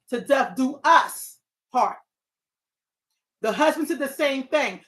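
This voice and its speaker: A middle-aged woman hosting a talk show, speaking casually and animatedly to her audience, preachy and quick to digress. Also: sits high, a bit bright. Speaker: talk show host and therapist.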